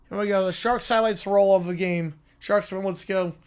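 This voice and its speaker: Male stream host, casual reaction commentary, understated and low-key. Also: fairly quick, hardly any pauses, clear, resonant tone. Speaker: livestream host.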